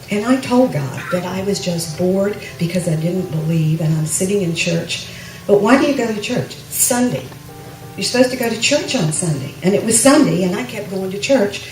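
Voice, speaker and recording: Woman telling a story in an echoey church. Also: lowish voice. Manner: chatty storytelling with self-deprecating humor. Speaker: church member giving a testimony. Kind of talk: personal testimony to a congregation. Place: church sanctuary. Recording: echoey room, mic from a distance.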